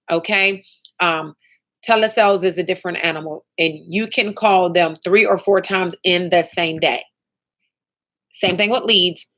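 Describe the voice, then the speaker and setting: A woman with a somewhat low voice leads a live online training for sales agents. She is upbeat and motivational, and she talks straight to her trainees. She keeps checking in with quick "okay?" and "right?" prompts. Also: a bit bright.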